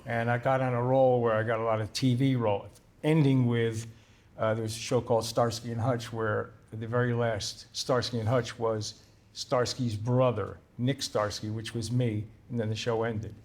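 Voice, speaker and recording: A man's voice: medium pitch, flat delivery, moderate pace, a little mellow. An older man with a mid-range voice is a guest in a conversational interview. He recounts anecdotes with animation and acts out the voices of the people in them. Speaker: guest, writer-director.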